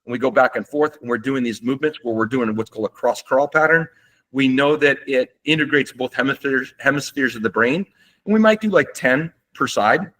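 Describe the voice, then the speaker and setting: A man presenting a health webinar from his desk, with a voice of ordinary middle pitch. He explains in a relaxed, conversational way, often pausing on fillers and restarting his sentences. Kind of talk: webinar lecture. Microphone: seated at a desk.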